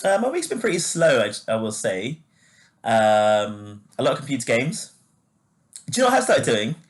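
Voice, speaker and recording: A man co-hosting a podcast in casual chat, talking freely with lots of fillers and quick laughs. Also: mid-range voice, wildly swooping pitch. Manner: chatty, laughs easily, many fillers. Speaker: podcast co-host.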